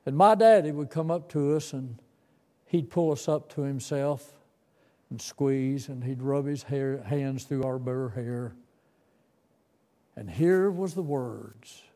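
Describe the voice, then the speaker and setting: A man's voice: mid-range voice, takes it slowly, mellow. A man in his seventies telling a tender, folksy story from his boyhood as part of a sermon. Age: 70s. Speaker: preacher.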